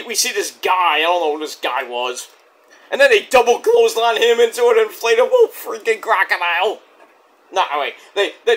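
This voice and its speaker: Lively, bright-voiced man reviewing wrestling. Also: sits high. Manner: excitable, acts out quotes in silly voices. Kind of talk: casual video review.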